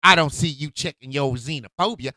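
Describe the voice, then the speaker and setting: Impassioned older man shouting on air. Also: fairly high pitch, expressive, moderate pace, dry recording. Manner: shouting, emphatic repetition, then quiet and subdued. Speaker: morning show host. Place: radio studio.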